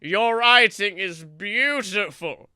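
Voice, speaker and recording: A man voicing a grand male sea god with a deep, ethereal, echoing voice, speaking in slow, loud, pompous proclamations. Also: clean tone, studio quality, exaggerated voice. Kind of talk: improvised comedic voice.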